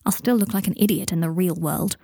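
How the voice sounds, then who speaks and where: Woman reading earnest young wizard guy, gentle and kinda whispery, warm husky tone. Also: lowish voice, quick pace, dry recording, studio quality. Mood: coaxing.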